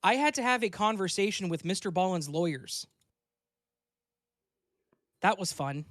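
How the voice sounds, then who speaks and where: A man's voice: high-pitched, expressive, unhurried, a bit bright, no room sound, studio quality. A man who narrates stories, co-hosting a podcast in blunt, casual chat and swearing freely. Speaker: podcast host and story narrator.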